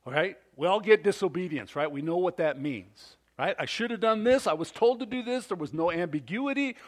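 A male pastor preaching a sermon at a church service, telling a story with animated delivery and frequent questions to the congregation. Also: sits high, fairly quick.

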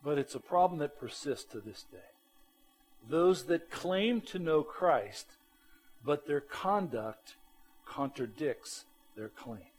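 An animated male pastor preaching a sermon, his slightly high voice rising and falling in lively swings. He speaks emphatically and plainly, with faint music underneath. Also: slow, poor audio.

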